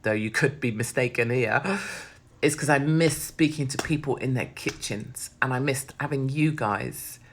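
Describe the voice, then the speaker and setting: A middle-aged woman rants in a blunt, sardonic monologue, swearing freely. Her voice sits low for a woman. She speaks close to the mic. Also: moderate pace, a little hiss or hum. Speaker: host. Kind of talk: casual monologue.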